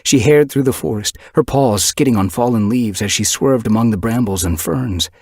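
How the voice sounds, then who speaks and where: Husky, expressive male audiobook narrator. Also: medium pitch, normal speed, dry recording, studio quality.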